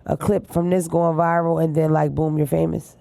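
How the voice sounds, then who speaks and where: Gravelly, brash woman comedian. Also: low-pitched, little pitch movement, moderate pace, dark tone, no room sound. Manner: brash, profane, joking. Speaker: podcast guest, comedian. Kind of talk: casual chat.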